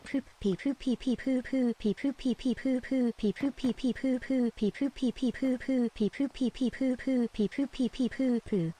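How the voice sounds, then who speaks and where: Brief: man voicing a goofy childish chanter, high pitch, sing-song nonsense. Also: steady tone, normal speed, hardly any pauses, warm tone.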